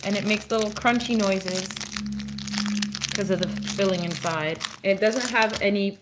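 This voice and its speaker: Slow-talking woman chatting to her dog. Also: mid-range voice, background noise. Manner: playful baby-talk to her dog, laughing often. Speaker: dog channel host. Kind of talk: live stream chat with her dog.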